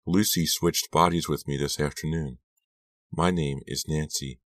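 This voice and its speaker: A cold, scheming teenage girl, read by a man with a very deep voice. She speaks softly and quietly, close to the mic in a dry, dead space. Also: fairly even intonation, unhurried, no echo. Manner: soft, quiet, mocking.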